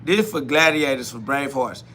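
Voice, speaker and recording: Man w/ preaching on a livestream, goes quiet then loud, repeats himself a lot. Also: medium pitch, normal speed, slight background noise. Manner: preachy, repetitive, swings between quiet musing and loud emphatic bursts with laughter. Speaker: podcast host. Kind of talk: live-streamed spiritual self-talk.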